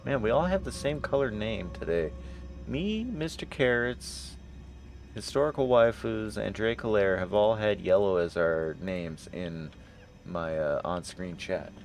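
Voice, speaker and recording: A man's voice: lowish voice, expressive, measured pace, creaky, slight background noise. A man streaming a game live, joking with his chat, swearing at misses and reading item text aloud. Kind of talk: live gameplay commentary.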